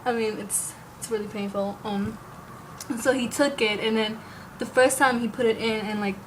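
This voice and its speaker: A young woman with a slightly high voice tells a story straight to camera. She rambles casually and keeps slipping in "like" and the occasional curse word. It sounds like an unscripted vlog. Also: steady tone, normal speed, slight background noise, poor audio. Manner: rambling, heavy use of "like", occasional cursing. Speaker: vlogger.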